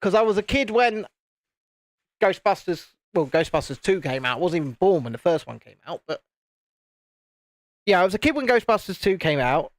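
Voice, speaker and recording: A British YouTube host in his late thirties, from the United Kingdom, builds on a live stream while chatting in a rambling, self-interrupting way. His high-pitched voice swings widely in pitch at normal speed, with long pauses. The studio sound is clean, with no echo.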